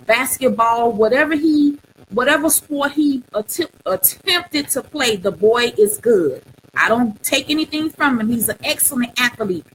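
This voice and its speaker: A woman's voice: fairly high pitch, slight background noise, rough recording. A middle-aged woman hosting a live talk show, sharing her own story in an earnest, preacher-like way and repeating phrases for emphasis. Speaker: host.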